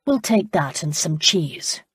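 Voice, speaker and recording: Woman doing a cool, clipped aristocrat holding his temper; dry, husky delivery. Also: low-pitched, big pitch swings, slow, dry recording, heavily acted. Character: proud, controlled English duke and diplomat. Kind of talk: audiobook character voice.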